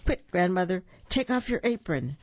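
A storyteller voicing an eager, quick-witted young girl in a children's story, raising the pitch. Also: expressive, no room sound, highs cut off, close to an everyday voice. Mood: urgent.

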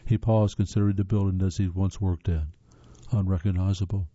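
Dark-voiced man reading aloud. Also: deep voice, level tone, fairly quick, no echo. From northern United States. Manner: earnest read-aloud delivery, occasional stumbles and restarts. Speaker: host reading articles aloud. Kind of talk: reading aloud with spoken asides. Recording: slightly dull lo-fi sound.

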